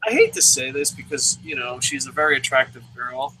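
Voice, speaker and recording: A man hosting a casual wrestling review, talking in animated bursts and swearing freely. His voice is bright and lively, rising and falling a great deal. A faint room ambience sits behind him. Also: medium pitch, a little fast, a little hiss or hum, poor audio. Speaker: wrestling review show host. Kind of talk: casual chat.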